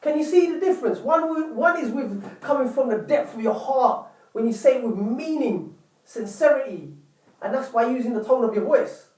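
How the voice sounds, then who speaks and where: A man's voice: extremely high pitch, animated, moderate pace, darkish tone, distant mic. A man giving relationship advice to camera in an earnest, repetitive way, often calling viewers "people". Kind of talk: direct-to-camera advice talk. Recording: echoey room, voice off-mic.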